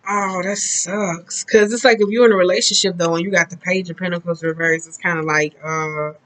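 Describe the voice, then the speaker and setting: A woman's voice: fairly low pitch, steady tone, brisk, fairly bright tone, poor audio. Chatty woman reading tarot cards, blunt and swearing, rambles on. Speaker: tarot reader. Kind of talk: casual tarot card reading.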